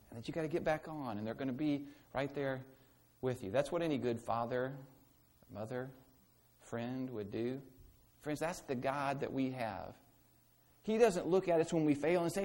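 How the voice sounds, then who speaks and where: A man's voice: medium pitch, gravelly, a little mellow. A male pastor giving an earnest sermon to a congregation, full of repeated phrases and rhetorical questions, then closing in prayer. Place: church service, also streamed online.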